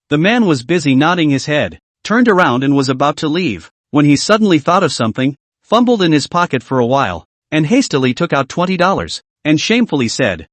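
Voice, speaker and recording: A man reading scripted story narration in a steady storytelling manner. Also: a little high, a little fast, no room sound.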